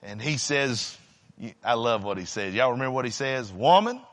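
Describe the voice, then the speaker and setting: A man preaching a sermon. He swings between shouting and hushed, near-whispered passages. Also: medium pitch, animated, moderate pace, big-room sound.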